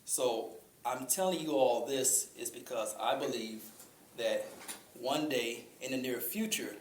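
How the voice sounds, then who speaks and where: A man giving an informal talk to a group, conversational, pausing often with fillers. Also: mid-range voice. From Chicago. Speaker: speaker. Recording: echoey room with faint ambient noise.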